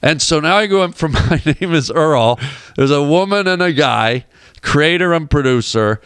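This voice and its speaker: A man's voice: fairly high pitch, animated, normal speed, fairly bright tone, clean tone, no echo, clean studio sound. A man, a comedian and actor guest on a radio show, telling rambling comic anecdotes and acting out the people in them. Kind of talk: animated storytelling on a radio show. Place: radio studio.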